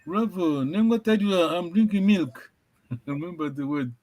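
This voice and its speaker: A man's voice: high-pitched, expressive, normal speed, a little mellow, rough recording. A man teaching a language over a video call, encouraging and repetitive, often laughing. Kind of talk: online language lesson.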